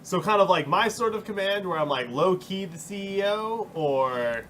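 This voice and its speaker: A man's voice: sits high, animated, moderate pace, a bit bright, slight background noise. A man playing a tabletop game, chatting casually and slipping into his character's polite speech. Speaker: player. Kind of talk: casual play, in-character talk.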